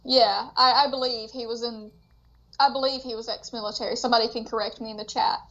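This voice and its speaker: Female stream guest, chatty and laughing, high-ish voice on a dull mic with faint noise. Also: fairly even intonation, quick pace, a bit bright. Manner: giggly, chatty, laughing through words. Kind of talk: casual livestream chat.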